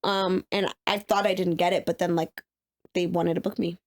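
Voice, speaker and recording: A woman's voice: on the low side, little pitch movement, normal speed. A young adult woman, an actress guest chatting casually on a podcast, with many fillers.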